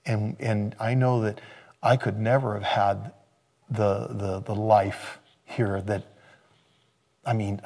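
Gravelly man in his sixties preaching. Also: on the low side, slow, pauses often. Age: 60s. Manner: animated, swings between loud exclamations and hushed tones. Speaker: pastor. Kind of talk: informal sermon.

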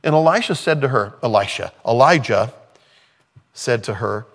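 A man's voice: mid-range voice, expressive, fairly quick, long reverb tail. A man preaching a sermon in a conversational way, with playful acted-out asides. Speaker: pastor.

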